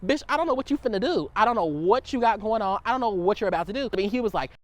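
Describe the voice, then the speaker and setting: A young man telling a storytime about a fight in a profane, sassy, animated rant. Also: sits high, racing, poor audio. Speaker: storytime vlogger.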